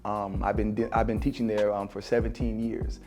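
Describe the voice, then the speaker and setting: A man's voice: fairly low pitch, flat delivery, fairly quick. A man in his forties, an actor and former teacher, speaking in a sit-down interview in a reflective, spiritual, casual way with many fillers. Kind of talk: sit-down interview, talking to camera. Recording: music playing underneath.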